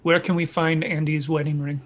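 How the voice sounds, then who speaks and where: Earnest man, higher voice. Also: level tone, brisk. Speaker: player.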